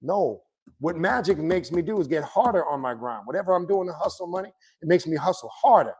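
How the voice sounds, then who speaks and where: A man's voice: a little high, a little fast, slightly rough. A man teaching about the occult in a blunt, profane, impassioned lecture to his viewers. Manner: blunt, profane, animated ranting.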